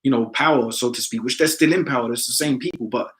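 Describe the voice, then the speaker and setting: Man, emphatic talker, casual discussion, mid-pitched voice. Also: quick pace, low-quality recording. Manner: emphatic, often ends phrases with "man".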